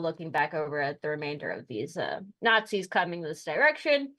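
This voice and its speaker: A woman's voice: deep voice, lively intonation, a little fast, few pauses, bright, forceful tone, poor audio. A woman playing a tabletop game, describing her character's moves in a gleeful, rambling way. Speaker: player.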